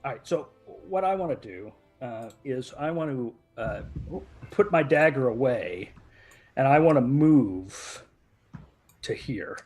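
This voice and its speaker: A man playing in a tabletop game, with a husky voice, casual and a little hesitant. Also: medium pitch, animated, slow, a little mellow, soft background music. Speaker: player.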